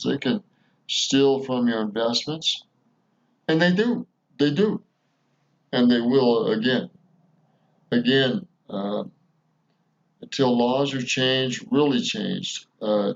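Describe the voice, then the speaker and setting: A man hosting his own channel, giving slow, measured commentary and repeating his key points. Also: medium pitch, gravelly, slight background noise. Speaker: channel host commenting on a clip. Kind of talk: commentary voice-over. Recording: lo-fi dull sound.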